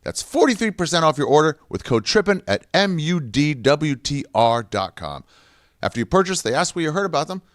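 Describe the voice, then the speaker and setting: A male podcast host reads an ad, throwing in profane jokes and silly asides. His voice sits fairly high and moves a lot in pitch. The sound is dry and close. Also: big pitch swings, fast talker, few pauses, no room sound. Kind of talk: ad read.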